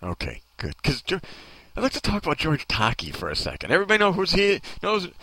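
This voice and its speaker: Sarcastic high-voiced male ranting host. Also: huge pitch swings, quick pace, bright, forceful tone, dry recording. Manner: sarcastic, mocking, talks to off-mic people. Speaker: talk show host. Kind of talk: comedic opinion rant.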